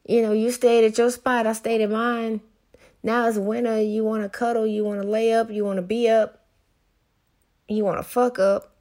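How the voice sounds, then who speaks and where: A woman giving a casual monologue to viewers, blunt and profane, swinging between loud ranting and low, musing talk.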